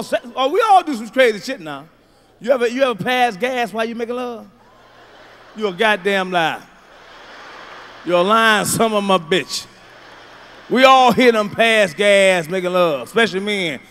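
Loud, profane stand-up comedian, high voice. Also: male voice, lively intonation, moderate pace. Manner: loud, profane storytelling, swinging from mutters to shouts. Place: large comedy venue stage. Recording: live show, faint crowd ambience.

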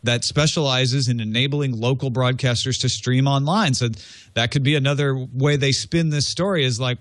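A man's voice: medium pitch, fairly even intonation, normal speed, no echo. A man hosting a casual tech news podcast, reading out items and then talking them over loosely. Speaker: podcast host.

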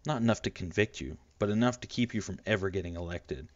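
A defiant, sharp-tongued young girl, as a man reads her out. The voice sits on the low side and cuts rather than shouts. The recording is dull, lo-fi and dry, with no room sound. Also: fast, no echo, close to an everyday voice. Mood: cold.

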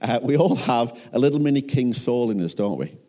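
A man's voice: medium pitch, lively intonation, fairly quick, warm tone. A man with a Northern English accent preaching a sermon as a pastor, earnest and often putting questions to his listeners.

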